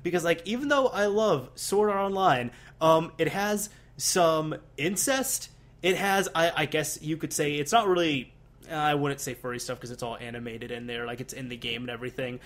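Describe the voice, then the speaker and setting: A young man chatting casually as a podcast co-host, rambling and animated, with many restarts and fillers. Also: fairly high pitch, normal speed. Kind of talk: casual chat.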